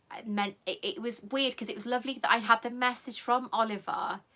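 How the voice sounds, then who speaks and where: A woman's voice: medium pitch, pushed and bright. A woman hosting a live stream, chatting affectionately with viewers in a rambling, emotional way and coming close to tears. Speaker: channel host.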